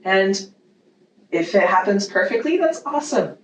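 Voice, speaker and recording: A woman's voice: medium pitch, moderate pace. A woman who works as a parenting educator, talking animatedly in a casual interview and circling her points as she goes. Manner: animated, rambling with many fillers and restarts. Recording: echoey room, distant mic, faint noise.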